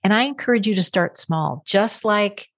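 A woman's voice: mid-range voice, expressive, normal speed, a bit bright. A middle-aged woman hosting a solo podcast as a life coach, blunt and encouraging, firing off rhetorical questions.

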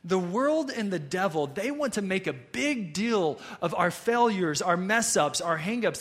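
A man preaching a sermon to his congregation, conversational and animated, often checking in with "right?" and "okay?". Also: high-pitched. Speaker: pastor.

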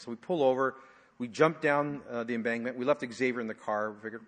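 A man's voice: mid-range voice, fairly even intonation, quick pace. Brief: male pastor, mid-range voice, chatty storytelling sermon, long hall reverb. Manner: conversational storytelling with frequent fillers, dropping to hushed tones.

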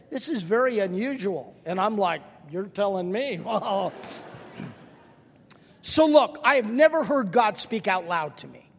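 A man's voice: sits high, long reverb tail. An older man preaching a sermon, telling stories with self-deprecating humor and speaking straight to his congregation. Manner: directly addresses the congregation. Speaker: pastor.

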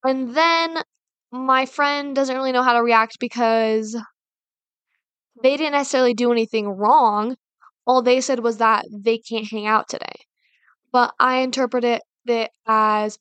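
A woman's voice: on the high side, steady tone, a little slow, fairly bright tone, smooth, dry recording. A woman hosting a casual advice talk, rambling and filling her sentences with "like" and "you know". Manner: rambling, heavy use of fillers like "like" and "you know". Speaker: podcast host.

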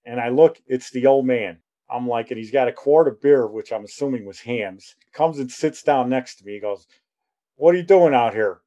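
A man's voice: medium pitch, normal speed, warm tone. A man in his sixties telling a rambling personal story, acting out the dialogue as he goes.

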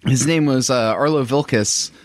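A man's voice: mid-range voice, moderate pace, dry recording. A man in casual podcast chat, rambling and swearing freely, a little self-mocking. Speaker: tabletop game player on a podcast.

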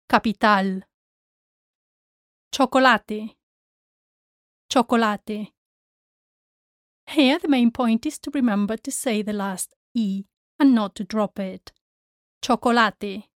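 A woman's voice: medium pitch, a little mellow, no echo, studio quality. A woman hosting a Spanish language lesson podcast, saying words carefully one by one and explaining how to pronounce them. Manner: careful, deliberate word-by-word pronunciation drills. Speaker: Spanish teacher and podcast host. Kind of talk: slow, clearly spoken language lesson.

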